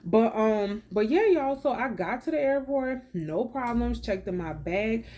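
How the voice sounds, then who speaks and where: A woman's voice: on the high side, unhurried, slight background noise. Chatty woman storyteller. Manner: chatty and slangy, with animated retold dialogue. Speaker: vlogger. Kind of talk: casual storytelling vlog.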